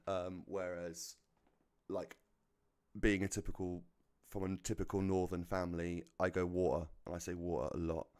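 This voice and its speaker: A man's voice: sits low, little pitch movement, normal speed, a little mellow, clear, resonant tone. A British man with a neutral British accent, chatting casually while streaming a racing game, swearing freely and laughing at his own jokes. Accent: neutral British English. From United Kingdom. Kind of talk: casual chat while gaming.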